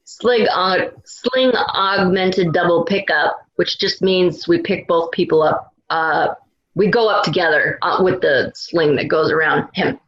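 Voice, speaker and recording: A woman's voice: on the low side, measured pace, lo-fi sound. A woman, a retired rescue swimmer, telling a story in a casual interview, full of restarts and laughs. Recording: roomy, echoey room.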